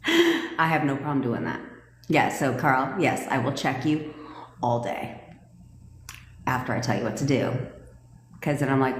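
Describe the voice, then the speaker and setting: A woman's voice: extremely low pitch, very animated, unhurried, long pauses, slight background noise. A woman manifestation coach talking casually on a livestream, blunt and profane and laughing often. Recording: echoey room with long reverb.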